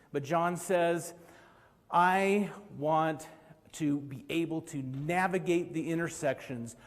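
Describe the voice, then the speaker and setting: A man's voice: on the high side, darkish tone. Conference president, middle-aged man, earnest storyteller at a podium mic, reverberant convention hall. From Utah, USA. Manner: earnest, storytelling, with light laughs and fillers. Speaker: organization president giving a conference speech. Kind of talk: live conference speech.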